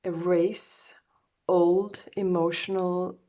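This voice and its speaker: A woman's voice: lowish voice, little pitch movement, drawn-out words, warm tone. A woman doing a casual oracle card reading, groggy from just waking up and talking hesitantly with many fillers and self-corrections.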